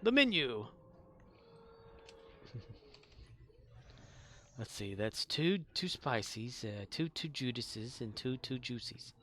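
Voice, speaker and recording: A man's voice: medium pitch, animated, slow pace, long pauses, a bit bright, slight background noise. A man chatting on a live game stream, joking loosely and laughing often. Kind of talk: casual live-stream chat.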